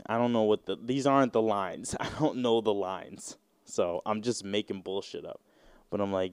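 A man's voice: fairly low pitch, moderate pace, a little mellow, clear, resonant tone, no echo. A man in his twenties hosting a solo podcast, rambling and joking with plenty of profanity. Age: 20s. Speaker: podcast host. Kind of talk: casual solo podcast rant.

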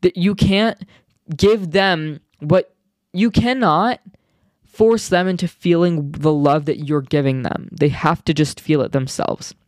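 A man's voice: on the high side, measured pace, no echo. Bubbly young man chatting on a podcast. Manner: bubbly and excitable, gushing with slang and fillers. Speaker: podcast host. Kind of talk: casual solo podcast chat.

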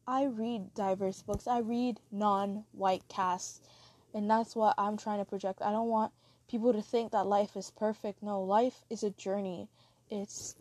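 A woman's voice: medium pitch, background noise. A woman hosting her own podcast in a casual solo chat, rambling and apologetic, with many fillers. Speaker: podcast host.

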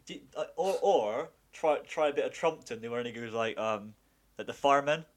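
A young British man co-hosting a casual podcast who talks excitably and stumbles over repeated words. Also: medium pitch, moderate pace. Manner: excitable, stammering. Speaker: podcast co-host. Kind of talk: casual chat.

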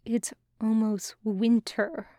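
A woman voicing a gentle, guilt-ridden male alien captor in a hushed, quiet voice for an audio story. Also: on the high side, level tone, takes it slowly, dry recording, studio quality. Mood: worried. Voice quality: soft, hushed. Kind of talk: podfic voice acting.

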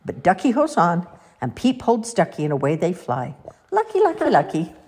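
Expressive storyteller woman, low-ish husky voice, very animated. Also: normal speed. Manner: expressive, sing-song. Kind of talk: children's story read-aloud.

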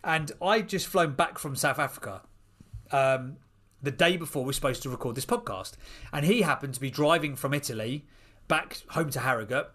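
A middle-aged man, a podcast guest, telling a personal story in an animated, casual way. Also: mid-range voice. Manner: animated, quick storyteller with restarts.

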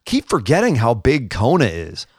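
A man's voice: mid-range voice, huge pitch swings, normal speed, husky, no room sound, clean studio sound. A young man co-hosting a casual wrestling podcast, recapping shows with bursts of enthusiasm. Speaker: podcast co-host. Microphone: headphones and studio mic.

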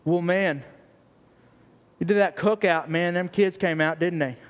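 A man's voice: high-pitched, measured pace. A man putting on God as a drawling country man. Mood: folksy. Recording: long hall reverb.

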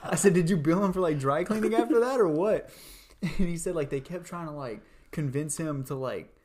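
Brief: chatty podcast host, loose rambling delivery, middle pitch. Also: moderate pace, darkish tone. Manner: rambling, many "like"s, laughs while telling. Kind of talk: casual storytelling chat.

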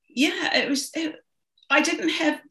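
A woman's voice: high voice, slow pace, pushed and bright. A middle-aged woman as an interview guest, telling a personal story in an earnest, emotional way with frequent restarts. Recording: roomy echo.

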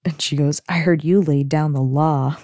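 Chatty woman recapping a sitcom, mellow tone. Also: deep voice, fairly even intonation, normal speed, no echo. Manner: chatty, giggly, frequent "like". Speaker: podcast host. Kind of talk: casual episode recap.

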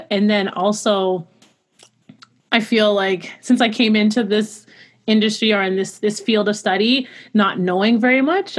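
A woman who sings opera, talking earnestly in a casual interview, full of "like" fillers and quick laughs. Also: mid-range voice. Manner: chatty and earnest, filler-heavy with frequent "like"; laughs often while talking. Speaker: opera singer, interview guest.

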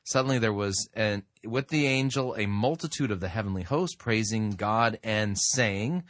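A man hosting a commentary show, reading scripture aloud and stopping a sermon recording to dispute it, halting and muttering at times. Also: fairly low pitch, fairly bright tone, no echo. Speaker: podcast host.

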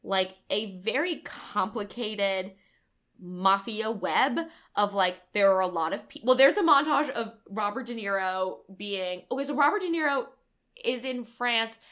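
A woman's voice: mid-range voice, a little slow. A young woman co-hosting a casual movie review chat, retelling scenes with lots of "like" fillers. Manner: chatty, frequent "like" fillers, animated retelling. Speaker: podcast co-host.

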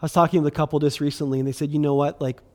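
Sounding like he's chatting among friends, this middle-aged pastor gives a sermon in a warm, level tone, a bit high-pitched for a male voice. He talks in quick bursts, restarts often, and leans heavily on fillers and offhand asides.

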